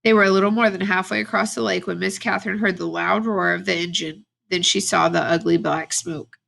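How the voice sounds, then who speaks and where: Brief: female teacher reading a novel aloud to students, steady, with a gravelly fry. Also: fairly low pitch, brisk. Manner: steady, plain read-aloud with brief asides to the class.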